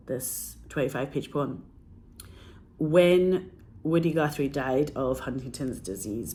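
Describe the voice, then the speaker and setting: A woman's voice: a bass voice, dark tone, a little hiss or hum. A woman who is a filmmaker, telling a personal story in a casual, earnest, rambling way full of fillers and restarts.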